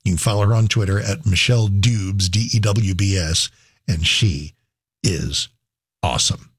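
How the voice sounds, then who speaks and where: Guy hosting talk radio, gravelly low voice, rambly, lots of restarts. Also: no echo, studio quality. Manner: rambling, halting, many restarts. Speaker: talk show host.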